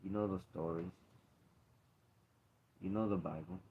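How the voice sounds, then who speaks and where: Earnest man, low voice, dull recording. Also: fairly even intonation, unhurried, breathy edge. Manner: earnest, repetitive, emphatic. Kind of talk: casual faith talk.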